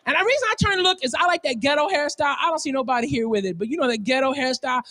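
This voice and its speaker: High, bright-voiced excitable comedian man. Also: rapid-fire. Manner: excitable, profane, laughing storyteller. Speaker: stand-up comedian. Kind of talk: stand-up comedy routine.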